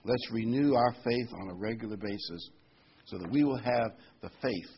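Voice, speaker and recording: A man preaching a sermon in a plain, conversational way, reading scripture and pausing often with fillers. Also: mid-range voice, dull audio, a little hiss or hum.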